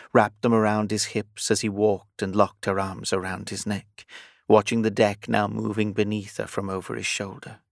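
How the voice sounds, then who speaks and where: A man reading romance fiction as an audiobook narrator, even and measured. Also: lowish voice, vocal fry, dry recording, clean studio sound.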